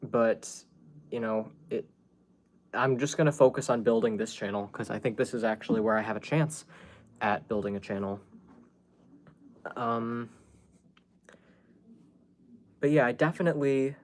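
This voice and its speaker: A man's voice: mid-range voice, normal speed, pauses often. A man hosting a casual livestream from home, rambling to his viewers with many fillers and restarts. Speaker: YouTube livestream host.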